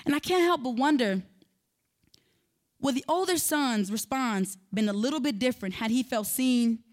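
A woman preaching a sermon in a conversational way, building to emphatic, rising passages. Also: high-pitched.

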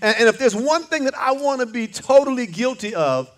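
A man's voice: very high-pitched, animated, brisk. An older man preaching a sermon, fervent, with call-and-response lines and repeated words. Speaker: pastor.

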